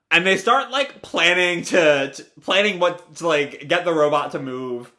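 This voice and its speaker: Guy doing a live comic reaction recap, animated, bit high, lots of ums. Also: unhurried. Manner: casual, lots of fillers and restarts, animated. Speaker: video creator.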